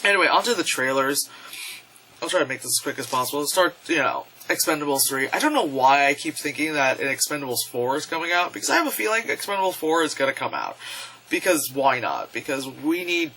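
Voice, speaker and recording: A man's voice: on the high side, sing-song, quick pace, bright, forceful tone, a little hiss or hum, low-quality recording. A young man casually reviewing movies on camera, rambling, swearing freely and using lots of fillers. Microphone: camera mic.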